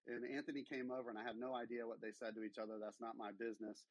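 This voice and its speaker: A man's voice: mid-range voice, flat delivery, quick pace, no room sound, rough recording. A man giving an earnest, emotional personal testimony to a faith-based chat room, with many fillers. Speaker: caller sharing a testimony.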